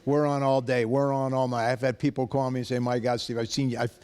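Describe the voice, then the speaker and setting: A man from the area pitching his own car dealership in a loud, brash, excitable TV ad style. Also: fast talker, smooth. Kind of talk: hyped dealership TV ad.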